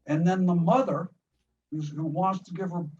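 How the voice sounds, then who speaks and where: An older man from the United States with a fairly high voice tells a story about making a film in animated detail. He keeps restarting and repeating words as he goes. He sounds distant and muffled, with faint hiss in the background. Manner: retells scenes vividly, with many quick restarts and repeated words. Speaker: filmmaker being interviewed.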